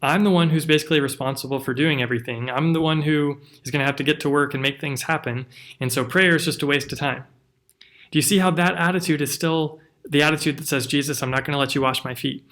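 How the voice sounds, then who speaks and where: A man's voice: a little high, steady tone, fast talker, fairly bright tone. A man, a pastor, giving an earnest, conversational devotional teaching with rhetorical questions.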